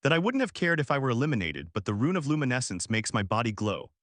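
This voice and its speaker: A man's voice: mid-range voice, big pitch swings, quick pace, a bit bright, dry recording, clean studio sound. A man doing a sneering, cruel young thug. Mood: gleeful. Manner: sneering, bullying. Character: vain, cruel young man, bitter and menacing.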